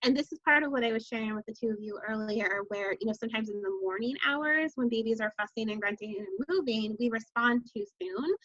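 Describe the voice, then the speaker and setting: A woman guest consultant in an interview, explaining in a calm, teacherly way and laughing often, heard over a video call. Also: fairly high pitch, dry recording, lo-fi sound.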